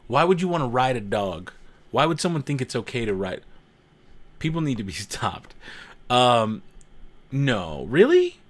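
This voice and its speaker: A man's voice: mid-range voice, lively intonation, unhurried, pauses often, a bit bright. A man hosting a casual livestream, chatting with viewers and reading their comments, joking, laughing often and repeating himself. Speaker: livestream host.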